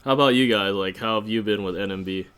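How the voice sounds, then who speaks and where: A man co-hosting a casual fan podcast, rambling through anecdotes with lots of fillers and animated storytelling. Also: on the low side, fast talker, clear, resonant tone. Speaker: podcast co-host. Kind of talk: casual chat. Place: home in Japan.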